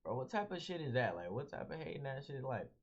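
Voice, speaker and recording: A young man telling a story casually as a vlogger, animated and slangy, calling everyone "bro". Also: medium pitch, quick pace, husky. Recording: dull lo-fi audio.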